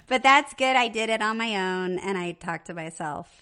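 A woman co-hosting a casual chat, playful and animated, laughing often. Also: mid-range voice, unhurried, clear, resonant tone. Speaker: podcast co-host.

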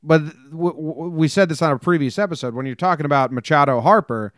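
A man's voice: a little high, a bit bright, no echo, studio quality. Chatty man co-hosting a podcast. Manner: chatty, quick asides and laughs. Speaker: podcast co-host. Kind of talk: casual podcast chat.

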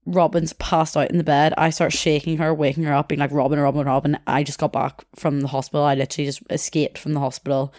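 Young woman rambling thru a story, low voice, dry close sound, keeps laughing. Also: little pitch movement, fast talker, hardly any pauses, darkish tone, no room sound. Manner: chatty and rambling, laughs as she tells it. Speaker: podcast host. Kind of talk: casual storytelling.

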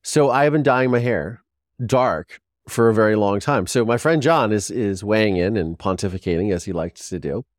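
A podcast host in his forties, with a fairly low voice, tells a casual, rambling story full of quick restarts and lively quoted voices. The sound is studio quality with no room sound.

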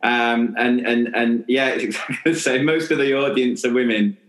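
An easygoing British man with a middle-pitched voice co-hosts a casual podcast. His voice has a noticeable echo from the room. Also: steady tone, moderate pace, a bit bright. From United Kingdom. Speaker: podcast co-host. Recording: echoey room.

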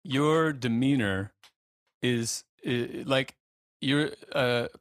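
Laid-back podcast dude, mid-pitch voice, slow easy chat, dry sound. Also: male voice, dry recording. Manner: relaxed, unhurried, trails off mid-thought. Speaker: podcast co-host. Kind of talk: casual chat.

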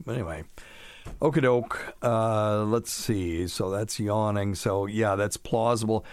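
A man's voice: fairly low pitch, measured pace, smooth, dry recording. A middle-aged man hosting a call-in radio show, talking casually and bluntly, with offhand scoffing asides. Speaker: radio show host answering caller questions.

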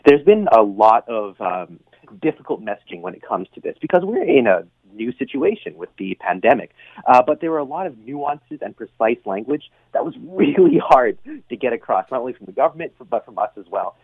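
A man's voice: mid-range voice, very animated, fairly quick, no room sound. A man being interviewed as founder of an advocacy group, speaking earnestly and measuredly with light laughs. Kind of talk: radio interview over the phone. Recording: tinny phone line.

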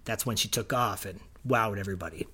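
A man's voice: on the low side, a little fast, bright, forceful tone, breathy edge. A middle-aged man co-hosting a podcast in casual chat, enthusiastic and rambling, laughing easily. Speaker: podcast co-host.

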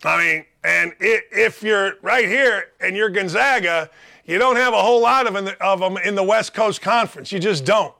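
A man hosting a sports talk show, ranting sarcastically with mocking asides and loud, heated outbursts. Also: high voice, moderate pace, creaky. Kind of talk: opinionated sports rant.

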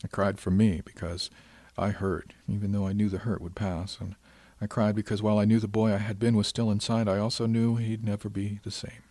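A man reading a first-person science fiction story in a measured, reflective way. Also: on the low side, flat delivery, mellow, no room sound. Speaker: audiobook narrator. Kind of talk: scripted first-person narration.

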